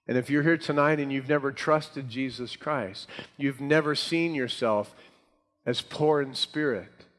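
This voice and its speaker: A man's voice: mid-range voice, measured pace, a bit bright. A man preaching a sermon to a congregation, with emphatic, rising delivery. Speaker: pastor. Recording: hall reverb.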